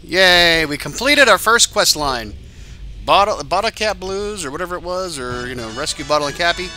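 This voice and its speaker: A man talking through a game in an easygoing, rambling way, dropping the odd curse. His voice is sharp and very bright, sitting slightly high. He sounds a bit tired, with soft music under him. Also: animated, moderate pace. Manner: rambling and chatty, swears casually. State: tired, yawning. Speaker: game channel host. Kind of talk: casual let's-play commentary.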